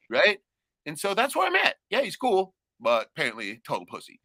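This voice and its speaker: A middle-aged man ranting crudely and loudly on a casual livestream, a few beers in. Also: a little high, big pitch swings, a little fast, dry recording, clean studio sound. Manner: profane, rowdy, loud ranting. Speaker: livestream host.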